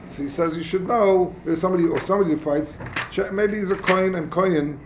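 A man teaching a casual text study lesson, explaining passages in a halting, conversational way and acting out quarrels. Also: sits high, a little hiss or hum. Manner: halting, explains texts plainly and acts out quarrels. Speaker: religious teacher.

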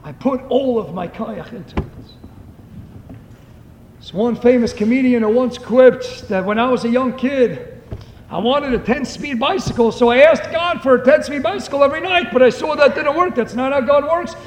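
Man, preacher, very high voice, impassioned sermon, long hall reverb. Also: moderate pace, slight background noise. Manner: impassioned, rising to shouts. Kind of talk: sermon with stories. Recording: echoey hall, faint ambience.

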